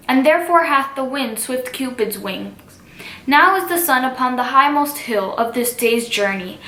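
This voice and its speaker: An eager, lovesick teenage girl, read aloud by a woman in a high, bright voice. She talks as if reading straight from the script, with little put-on change. The sound is roomy and echoey. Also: exaggerated voice.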